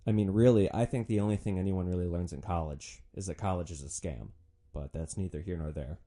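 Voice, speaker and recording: A man's voice: low-pitched, a little fast, warm tone. A young man hosting a podcast, telling comedic stories in a sardonic, profane way. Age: young adult. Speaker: podcast host, former rideshare driver. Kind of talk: comedic storytelling monologue.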